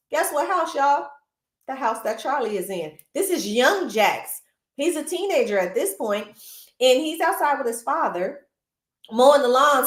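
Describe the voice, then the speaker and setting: A woman hosting a casual movie recap, animated and chatty, with lots of asides to her viewers, recorded in a roomy space. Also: high voice. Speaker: film recap host. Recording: roomy echo.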